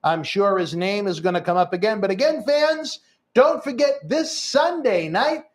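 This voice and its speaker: A man's voice: high voice, normal speed. A man hosting a live interview, joking around and plugging upcoming events in a promo style. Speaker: host.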